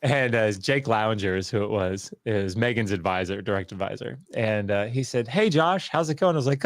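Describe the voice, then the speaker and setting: A man's voice: lowish voice, animated, a little fast, few pauses, no echo, studio quality. A man telling a self-mocking story in casual talk, acting out the voices of the people he quotes. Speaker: guest scholar. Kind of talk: casual storytelling on a video call.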